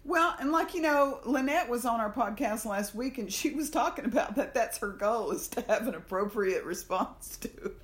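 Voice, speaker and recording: A woman's voice: a little high, animated, moderate pace, few pauses. A woman from the American South co-hosting a podcast, telling a personal story in a casual conversation and acting out the voices in her head. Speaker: podcast co-host.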